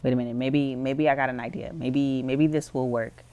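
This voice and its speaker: A woman's voice: a bass voice, steady tone, normal speed, dark tone, muffled recording. A woman voicing a sad, anxious middle-aged father in a life-sim game, talking in a hesitant way with repeated words.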